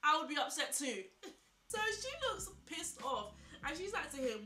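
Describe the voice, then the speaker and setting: A young woman vlogger telling a story while getting ready, animated and incredulous, full of "like" and repeated questions. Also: high voice, normal speed. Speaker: beauty vlogger. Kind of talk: chatty get-ready-with-me storytelling. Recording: echoey room, faint music.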